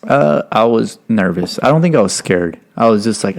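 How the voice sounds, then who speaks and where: A man's voice: fairly low pitch, lively intonation, normal speed, vocal fry. A young man casually telling a rambling, profane story as a podcast guest. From United States. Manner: profane, rambling, acts out drill instructors' yelling.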